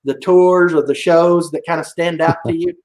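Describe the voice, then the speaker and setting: A man hosting a casual livestream interview, easygoing and halting with fillers. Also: fairly high pitch, steady tone, darkish tone. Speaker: podcast host.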